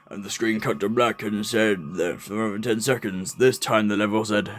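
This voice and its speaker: A man's voice: fairly low pitch, moderate pace, hardly any pauses, a little hiss or hum. A young man reading a horror story aloud in a casual, jokey way, often stumbling over words and laughing at his own slips. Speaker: creepypasta reader.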